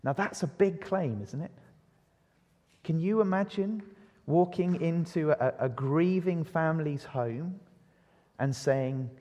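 Male preacher, fairly high voice, evening sermon, lots of rhetorical questions, long reverb. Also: slow, long pauses, highs cut off. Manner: asks the congregation rhetorical questions; lively, varies pace and loudness for emphasis. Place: church. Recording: long reverb of a church hall.

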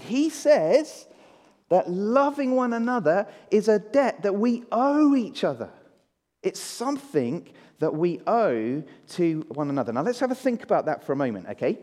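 A man's voice: sits high, very animated, normal speed, a little mellow. A man giving a children's talk in a church service, drawing the congregation in and having them repeat words with him. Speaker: preacher. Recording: long church reverb.

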